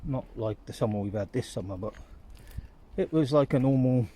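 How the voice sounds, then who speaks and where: A man's voice: mid-range voice, moderate pace, dark tone. A man rambling through a casual walking vlog outdoors on town streets, chatting like a storyteller into a handheld phone. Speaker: vlogger.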